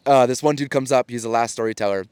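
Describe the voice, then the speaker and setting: This podcast host and storytelling coach, a man in his 30s, talks quickly in a slightly mellow, medium-pitched voice with a clean tone and no echo. Going solo on his own show, he's casual, earnest, and encouraging, repeatedly restarting his sentences.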